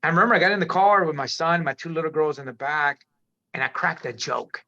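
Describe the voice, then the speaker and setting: Gravelly, bright-voiced man telling his story. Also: a little high, brisk. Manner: rambling, frequent restarts, says "man" often. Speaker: podcast guest. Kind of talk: candid personal storytelling. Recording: dull lo-fi audio.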